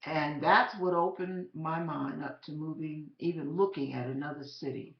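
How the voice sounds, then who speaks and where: A woman telling her own faith story as a personal testimony, animated and emphatic, speaking directly to the listener. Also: low voice, moderate pace, creaky. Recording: roomy, slightly dull recording.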